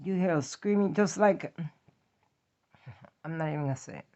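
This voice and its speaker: A woman's voice: low voice, measured pace, mellow. A woman from New York with a New York accent, telling a personal story in a blunt, profane, emphatic way. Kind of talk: confessional story time. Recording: dull lo-fi audio.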